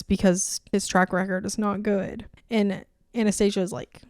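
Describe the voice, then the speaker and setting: A woman's voice: medium pitch, level tone, unhurried, darkish tone, clear, resonant tone, no echo, studio quality. A young woman in her twenties recapping a romance novel in a casual vlog, sarcastic and rambling, swearing freely. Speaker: book reviewer. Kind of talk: casual book review vlog.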